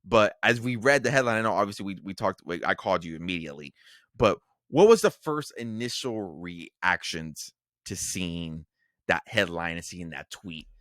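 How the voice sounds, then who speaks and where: A man's voice: deep voice, expressive, normal speed, fairly bright tone, dry recording, clean studio sound. A man co-hosting a casual podcast, rambling with plenty of fillers, restarts and swearing. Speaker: podcast co-host.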